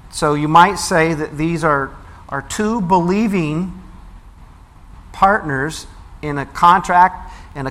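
A man preaching a sermon, reading scripture aloud and then explaining it with lively emphasis. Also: a little high.

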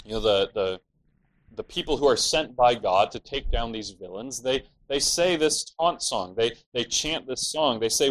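A man's voice: mid-range voice, moderate pace, a bit bright, rough recording. A man preaching an expository sermon, explaining scripture earnestly and at times voicing the villains' laments in a mocking tone.

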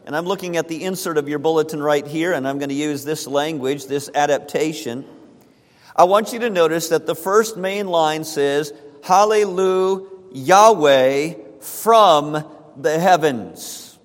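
A man's voice: on the high side, steady tone, normal speed. A man preaching a sermon to his congregation, emphatic and repeating key phrases for stress. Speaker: pastor. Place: church sanctuary. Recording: church hall reverb.

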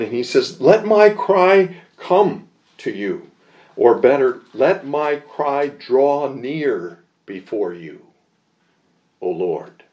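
A man teaching a Bible lesson in a measured, deliberate way, pausing often with small fillers and leaning into the verses he quotes. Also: mid-range voice, a little mellow. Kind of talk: slow expository Bible lesson.

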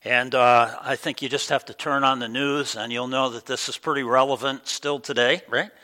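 Bright-voiced pastor, easygoing sermon. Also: male voice, mid-range voice, moderate pace, poor audio. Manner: relaxed, conversational, many ums and uhs.

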